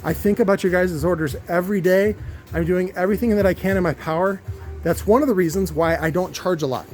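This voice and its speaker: A man's voice: high voice, steady tone, fast, faint music behind. A man in his warehouse workshop, rambling in a casual vlog rant, swearing freely and full of fillers and restarts. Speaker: car audio subwoofer builder.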